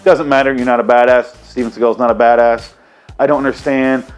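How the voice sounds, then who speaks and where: Man from Michigan for a comedy rant host: mid-pitched, swearing, sarcastic, rambling, faint music behind. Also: level tone, a little fast, smooth. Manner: profane, sarcastic, rambling with restarts.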